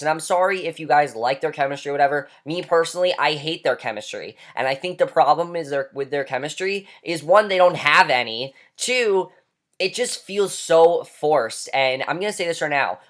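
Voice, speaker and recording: A man's voice: a little high, fairly bright tone. Heated ranting male movie reviewer. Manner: heated, emphatic and blunt, with swearing.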